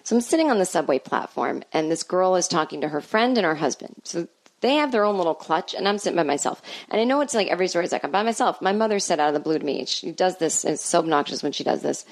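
Brief: woman comedian in her 40s, rambling and self-deprecating, with a lowish voice. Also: lively intonation, fast talker. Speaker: podcast host, comedian. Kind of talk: casual comedic monologue.

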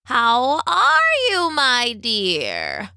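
A woman's voice: fairly high pitch, huge pitch swings, extremely slow, creaky, sharp tone, smooth, no room sound, clean studio sound, voice pushed up, exaggerated voice. A woman voicing an old, bent-backed witch in a storybook reading, speaking in a cooing, sing-song way. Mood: sweetly bossy.

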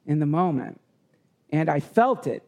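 A man telling a personal story in conversation, earnest and halting with many restarts. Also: fairly high pitch, animated, darkish tone. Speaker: guest.

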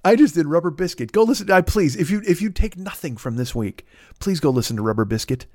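A fast-talking, expressive man with a fairly high but darkish voice hosts a podcast, recorded dry with studio quality. His solo comedy rant rambles and swears freely, now and then breaking into impressions and scat singing. He sounds a little sniffly, as if he has a cold.

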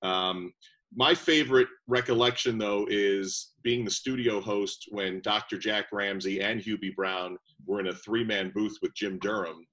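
A man, a basketball broadcaster, telling lively stories as a guest in an interview. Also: fairly low pitch, unhurried. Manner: lively anecdotal storytelling. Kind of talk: interview storytelling.

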